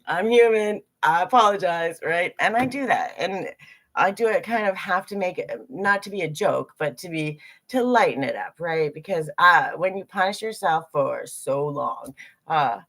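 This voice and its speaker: Woman teacher, lowish voice, animated live talk to a group, casual and candid. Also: normal speed. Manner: animated, acts out inner voices.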